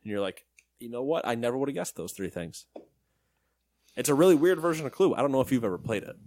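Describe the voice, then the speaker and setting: A man with a medium-pitched voice co-hosts a gaming news show, reading headlines and trading jokes in casual banter. He's animated and full of quick asides, recorded at studio quality with no room sound.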